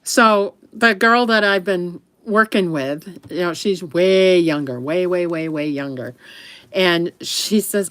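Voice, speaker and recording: A woman's voice: mid-range voice, expressive, normal speed, fairly bright tone, clean tone, no room sound. A middle-aged woman from the US East Coast chatting casually on a livestream, rambling with frequent laughs and self-corrections. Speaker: livestream host.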